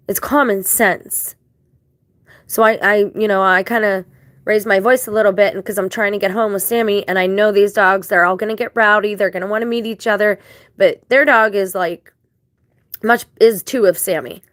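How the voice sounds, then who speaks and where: A woman of average pitch talks through a casual vlog, rambling from one grievance to the next in an indignant tone. She drops religious turns of phrase as she goes. The sound is dry, with no room echo. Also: steady tone, moderate pace, a bit bright. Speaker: vlogger.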